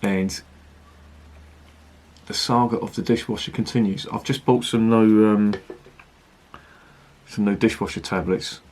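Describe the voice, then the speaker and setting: A man talks his way through a beer review in a casual, rambling manner and swears now and then. His voice is low and husky. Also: fairly even intonation, measured pace, pauses often, darkish tone.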